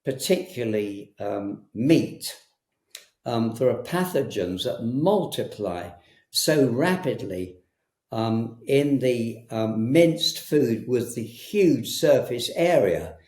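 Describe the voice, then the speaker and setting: Slow-spoken hesitant man, interview guest, echoey room sound. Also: mid-range voice, lively intonation, darkish tone. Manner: hesitant, frequent ums and restarts. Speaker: herbalist guest. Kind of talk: conversational interview. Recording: roomy echo.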